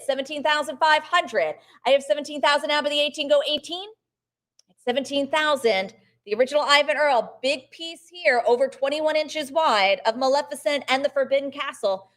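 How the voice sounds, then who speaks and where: A woman auctioneer calling bids at a live auction, chanting numbers briskly and coaxing bidders to go one more, with short remarks about the art. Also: high voice, fairly bright tone.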